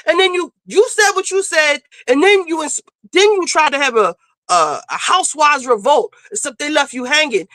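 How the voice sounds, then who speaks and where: A streamer host with a high, sharp voice runs a casual commentary stream, lecturing bluntly and emphatically with plenty of profanity in a scolding manner. The recording is dry.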